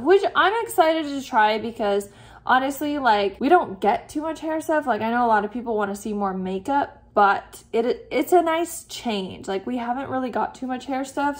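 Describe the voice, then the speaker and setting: A woman talks through a beauty subscription box in a relaxed, chatty way, reading out product descriptions and then adding her own thoughts. Her voice sits a bit high for a woman, and she leans on casual "like" fillers as she goes. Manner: chatty, reads product blurbs aloud between asides; frequent "like" fillers. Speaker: beauty vlogger. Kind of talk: casual unboxing chat.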